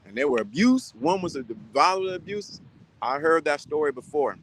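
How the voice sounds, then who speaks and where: A man's voice: on the high side, very animated, normal speed, a little hiss or hum, rough recording. A man giving casual advice to viewers, talking sternly and repeating his points with lots of restarts. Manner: rambling with many restarts.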